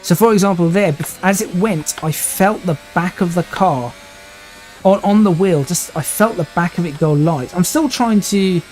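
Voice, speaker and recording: A man's voice: high-pitched, moderate pace, a little mellow, soft background music. A man in his twenties streaming a racing sim live, thinking aloud and restarting sentences while he drives. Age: 20s.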